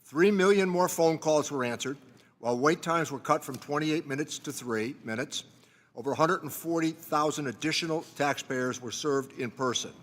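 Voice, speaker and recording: A man, the ranking committee member, reading a measured, formal opening statement at a desk microphone in a large hearing room. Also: a little high, fairly bright tone, long reverb tail. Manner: measured, reading prepared remarks.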